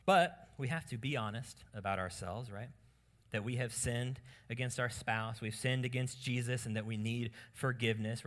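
A male pastor delivers a sermon with a bright, forward tone. He preaches in an animated way and slips into quick voices for the lines he quotes. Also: medium pitch.

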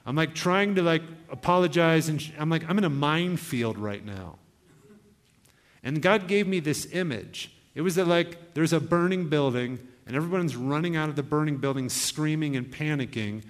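A young man preaching to his congregation with earnest urgency, slipping into quoted asides as he exhorts. His voice sits a little high, and the church hall adds a long reverb. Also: moderate pace, hardly any pauses. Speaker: pastor. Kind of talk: sermon.

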